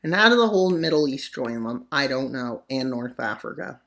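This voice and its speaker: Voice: animated, fairly quick, vocal fry, a bit bright. A channel host narrating a map scenario in joking commentary, full of sarcastic asides and mock-serious mutters. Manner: voice jumps up for punchlines, drops low for mutters. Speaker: mapping video narrator. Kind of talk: joking geopolitical commentary over maps.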